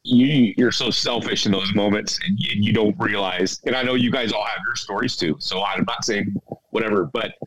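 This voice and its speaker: A man talking through tears to his former teammates, stumbling and repeating words as emotion rushes in. His voice sits a little low, and the delivery is raw and heartfelt rather than polished. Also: steady tone, a loud crowd, low-quality recording. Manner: choked up, halting, repeats himself. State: tearful.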